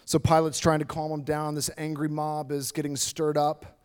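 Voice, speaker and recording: A man preaching a sermon in church, telling a story in an animated, dramatic way. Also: fairly high pitch, moderate pace, clear, resonant tone. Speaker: pastor. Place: church stage with a band.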